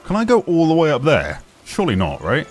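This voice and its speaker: A man's voice: a little high, huge pitch swings, a little fast, faint music behind. A man live-streaming a video game, joking and talking back to the characters. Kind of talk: casual live-stream commentary.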